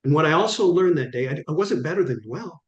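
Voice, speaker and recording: A man's voice: a little high, lively intonation, fast, muffled recording. A middle-aged man, a guest on an interview show, tells stories with energy and acts out the dialogue in them. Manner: vivid, acts out quoted dialogue. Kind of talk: animated storytelling. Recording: echoey room.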